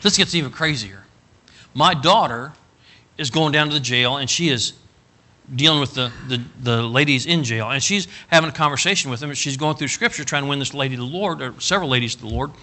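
A middle-aged man preaching a storytelling sermon, folksy and animated, rising to loud emphatic bursts. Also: mid-range voice, brisk. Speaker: pastor.

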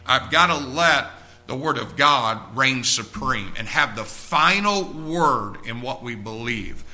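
A man's voice: mid-range voice, lively intonation, takes it slowly, sharp tone, soft background music. A man preaching a sermon, talking straight to his congregation in a conversational way and often checking in with them. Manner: conversational preaching with frequent direct asks to the congregation.

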